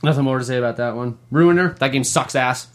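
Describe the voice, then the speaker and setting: A man's voice: mid-range voice, fast talker. Laughing, swearing man in gaming chat. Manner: profane, laughing, animated storytelling. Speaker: podcast co-host.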